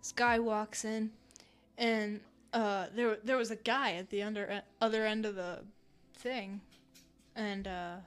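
A woman's voice: mid-range voice, flat delivery, unhurried, clear, resonant tone, faint music behind. A woman co-hosting a casual podcast, telling stories in a rambling way with many fillers and casual swearing. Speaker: podcast co-host. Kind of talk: casual storytelling chat.

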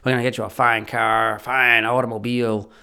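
A man's voice: medium pitch, level tone, a little fast, pushed and bright, smooth. A man putting on an American accent to voice a coaxing American government recruiter. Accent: American (put on). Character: smooth-talking American male government recruiter.

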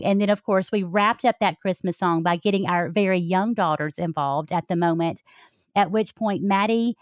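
A woman's voice: on the low side, no room sound, studio quality. A middle-aged woman, a health coach talking to her listeners in a folksy, heartfelt way. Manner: warm, folksy, talks straight to listeners. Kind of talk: heartfelt personal talk.

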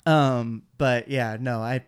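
A man with a smooth, resonant voice chatting casually on a podcast. He tells stories animatedly, leans on "like," and keeps things light. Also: measured pace. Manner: animated storyteller, many "like" fillers, jumps into high mimicking voices. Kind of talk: casual chat.

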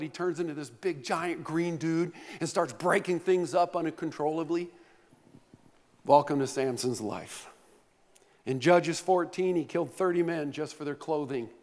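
A male pastor preaches in a big church hall, mixing anecdotes and jokes with pointed questions to the congregation. His voice sits a little high for a man, and it rings with a long reverb that fills the space. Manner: storytelling preacher, playful humor, rhetorical questions to the congregation. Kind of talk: sermon.

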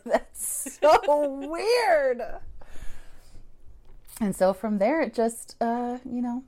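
A woman's voice: a little high, expressive, extremely slow, pauses often, a little mellow. A woman who founded a church, telling her story candidly in an interview, swearing and laughing as she goes.

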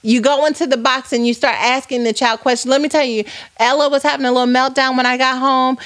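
A woman in her thirties hosting a podcast, reading live comments aloud in a playful, teasing, animated way. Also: high-pitched, quick pace, no room sound, studio quality. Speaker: podcast host.

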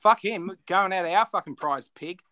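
Brief: man, high, sharp voice, constant swearing, ranting co-host. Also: moderate pace. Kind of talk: casual chat.

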